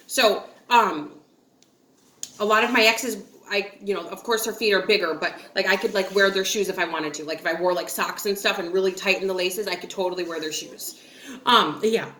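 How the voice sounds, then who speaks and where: A vlogger from upstate New York tells her viewers a story to camera, chatty and giggly, acting out quotes and filling gaps with "like" and "um." Her medium-pitched voice sounds pushed and bright, and the recording is reverberant.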